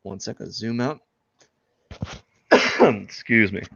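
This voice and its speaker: A man's voice: lowish voice, lively intonation, slow pace, gravelly, sharp tone, breathy edge, no echo, muffled recording. A man chatting casually and joking about himself while he draws on a live stream. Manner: rambling, self-deprecating, joking. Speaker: artist streaming live drawing.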